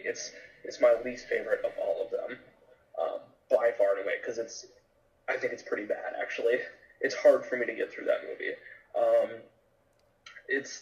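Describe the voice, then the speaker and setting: A man's voice: mid-range voice, darkish tone, distant mic, highs cut off. A man co-hosting a podcast, chatting about movies in a laid-back, hesitant way with many ums. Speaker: podcast co-host. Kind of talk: casual movie chat.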